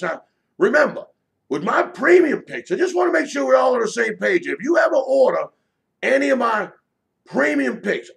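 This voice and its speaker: A sports betting handicapper shouts a brash, profane sales pitch for his picks in a creaky voice. It's a loud promotional spiel, and he repeats himself often.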